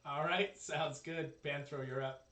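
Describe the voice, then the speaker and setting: Bright-voiced man running a tabletop game. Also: a little high, fairly even intonation, measured pace, reverberant, far from the mic. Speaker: game master.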